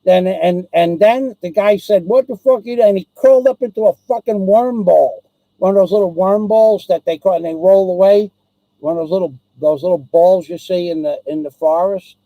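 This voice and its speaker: High-voiced, ranting man. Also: normal speed, dry recording, dull audio. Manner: angry, rambling, swears constantly, repeats himself. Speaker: live-stream host. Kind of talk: profane ranting live stream.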